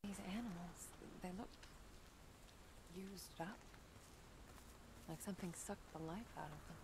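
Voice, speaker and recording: A wary young medium, speaks softly and evenly in a video game. Her gentle tone stays low-key even when she talks to a dog. A clear layer of game noise runs behind her. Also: a little slow. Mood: uneasy. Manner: soft, gentle talk to a dog.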